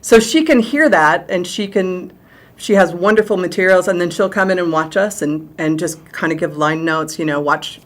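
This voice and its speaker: Middle-aged woman, theatre director guest; animated, chatty, slightly low pitch. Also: moderate pace. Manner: animated, chatty, laughs easily. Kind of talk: casual interview chat.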